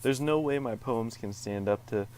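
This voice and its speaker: A man's voice: medium pitch, normal speed, darkish tone. Man reading game text mock-dramatically. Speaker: let's play co-host. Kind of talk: reading game narration aloud.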